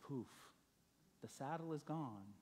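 A man's voice: medium pitch, animated, slow, warm tone. Earnest man preaching a sermon. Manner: earnest, building emphasis in repeated phrases. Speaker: pastor. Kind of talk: sermon with storytelling.

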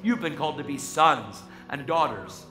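Passionate high-voiced guy preaching, keeps saying man, echoey hall, faint music. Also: expressive, moderate pace, bright, forceful tone. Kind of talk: sermon.

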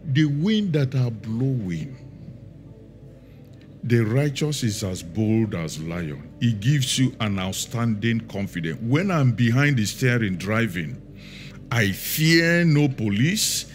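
Man preaching with slow emphasis. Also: mid-range voice, animated, a little hiss or hum. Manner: storytelling, emphatic with drawn-out words. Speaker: pastor. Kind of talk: sermon.

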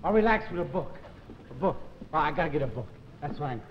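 A man's voice: on the high side, lively intonation, fast. Frantic man in a lo-fi 1950s comedy sketch. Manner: frantic, pleading, swinging from mutters to shouts. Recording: lo-fi 1950s TV recording with hiss.

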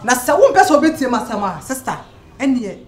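A high, animated young woman's voice with a Ghanaian accent. She talks in a possessive, threatening way. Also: a little fast. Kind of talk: film drama dialogue.

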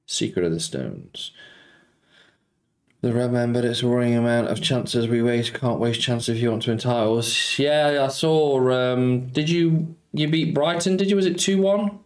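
A man's voice: mid-range voice, unhurried, a little mellow. A man streaming casino slots, chatting casually and greeting viewers by name as he banters about football. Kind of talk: casual live-stream chat.

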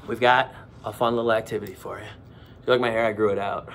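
A man's voice: lowish voice, fairly even intonation, fast talker, fairly bright tone, a little hiss or hum. A man in his forties talking plainly to children in a self-mocking, joking way. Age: 40s. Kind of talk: casual talk to children.

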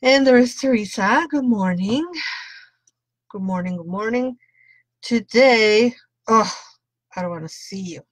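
Chatty tarot lady on a live stream, slow easy pace, dry close sound. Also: a little high, no echo. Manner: chatty, greets viewers by name. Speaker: tarot reader.

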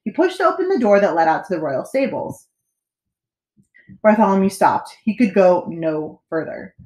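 A woman reading a children's picture book aloud, with expressive, dramatic delivery. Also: mid-range voice, moderate pace. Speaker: storyteller. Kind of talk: children's story read-aloud. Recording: echoey room.

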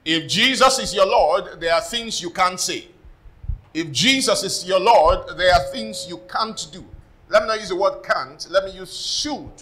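A man's voice: high-pitched, pushed and bright, rough recording. A man with a Nigerian accent preaching a sermon to a church congregation, emphatic and often calling for responses. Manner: emphatic preaching with rising intensity. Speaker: pastor. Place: church service.

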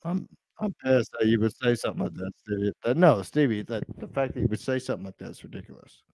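A man talking as a podcast guest in brash, profane, rambling casual chat, swinging between loud outbursts and low mutters. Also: animated, fast talker, creaky, no room sound.

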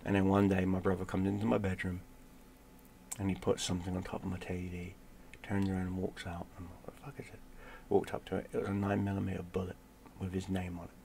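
Gravelly low man telling a story. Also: monotone, fast, slight background noise. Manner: blunt, swears freely, drops to a hush for tense moments. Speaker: gaming streamer telling a personal story. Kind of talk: casual storytelling.

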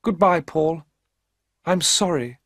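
A man's voice: a little high, animated, slow pace, fairly bright tone, dry recording, clean studio sound, pitched above the performer's own voice, heavily acted. A man voicing a sad young woman who chooses money over love, in a storybook reading. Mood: regretful. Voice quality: sad, regretful voice.

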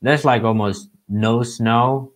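A young adult man, chatting casually on a podcast in relaxed, loose talk full of fillers. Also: mid-range voice, slow pace. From Finland. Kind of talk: casual chat.

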